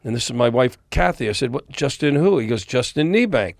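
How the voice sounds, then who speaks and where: A man's voice: mid-range voice, a little fast, gravelly, no room sound, studio quality. A man, a music industry veteran, telling stories as a podcast guest and acting out the dialogue of the people in them. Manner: animated storyteller, acts out quoted dialogue. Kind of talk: storytelling interview. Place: recording studio.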